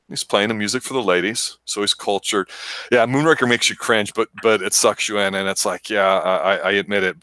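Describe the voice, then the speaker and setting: A man co-hosting a casual film review chat, rambling with enthusiasm and slipping into quick impressions. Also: fairly low pitch, bright, forceful tone, no echo. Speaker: movie review show co-host.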